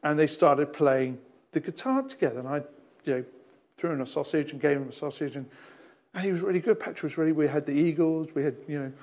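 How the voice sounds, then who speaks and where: A man's voice: a little high, fast talker, darkish tone. A male pastor with an Australian accent, telling a rambling anecdote in a sermon with lots of restarts and chuckles. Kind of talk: storytelling sermon.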